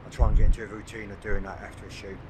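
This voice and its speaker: A man's voice: lowish voice, flat delivery, racing. A man around sixty, talking casually to camera on a coastal cliff while he takes photographs, thinking aloud with lots of hesitations. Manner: rambling, thinking aloud with many "uh"s. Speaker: landscape photographer vlogger. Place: outdoors on a coastal cliff at sunset. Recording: outdoor noise clearly heard behind.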